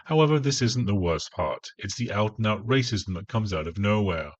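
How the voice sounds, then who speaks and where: A man's voice: on the low side, animated, normal speed, husky, no echo, muffled recording. A man reviewing an audiobook in a dry, sarcastic, scornful way. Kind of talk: spoken review.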